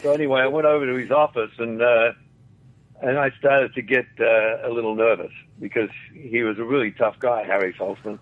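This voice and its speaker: An older Australian former actor, appearing as an interview guest, tells rambling anecdotes in an Australian accent, chuckling and acting out quoted voices. His medium-pitched voice is steady and fairly quick, heard over a phone-like radio line.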